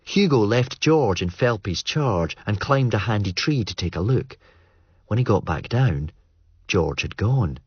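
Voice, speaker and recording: Deep guy reading a novel, husky, dry muffled sound. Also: expressive, dry recording. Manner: measured, understated. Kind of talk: audiobook narration. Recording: muffled dry studio read.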